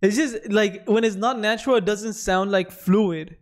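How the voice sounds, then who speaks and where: Easygoing, hesitant young man co-host. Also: high voice. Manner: easygoing, hesitant, drawn-out storytelling. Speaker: podcast co-host. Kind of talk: casual chat.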